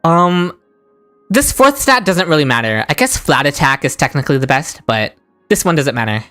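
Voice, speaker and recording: A woman streaming a game into a desk microphone, talking to her chat in a low voice. Her pitch swings wildly, and she breaks into shrieks and laughter when a roll goes her way. Quiet music plays under her. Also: moderate pace. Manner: excitable, shrieks and laughs at lucky rolls; chats with viewers in chat. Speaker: gaming streamer. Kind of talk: live-stream gaming commentary.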